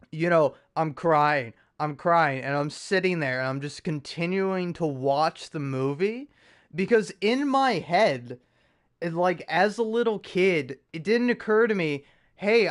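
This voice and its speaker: A young man hosting a podcast, telling a story in a rambling, profane, self-mocking way with lots of restarts and fillers. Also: fairly high pitch. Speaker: podcast host. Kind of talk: casual chat.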